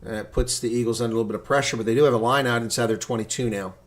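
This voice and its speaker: A man streaming his own live rugby play-by-play with his pitch in a middling range. He calls the action in a steady voice, then erupts when a play excites or angers him. Between plays he chats back to his viewers. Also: very fast. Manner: excitable, swings from calm calling to loud outrage. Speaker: livestream rugby commentator. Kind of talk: live reaction play-by-play commentary.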